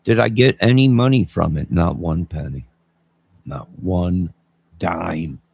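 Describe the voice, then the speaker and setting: A man in his fifties with a very low, gravelly voice, talking loosely on his own live stream. He rambles from one joke to the next and answers viewers in the chat. His tone stays husky and rough throughout. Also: takes it slowly, a little mellow, no echo. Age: 50s. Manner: rambling, jokey, responds to chat. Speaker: channel host.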